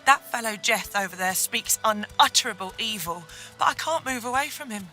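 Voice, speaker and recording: An actress voicing a grieving mother in a game, pleading softly and tearfully for her lost daughter. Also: on the high side, lively intonation, normal speed, faint music behind. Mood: sorrowful. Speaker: game character.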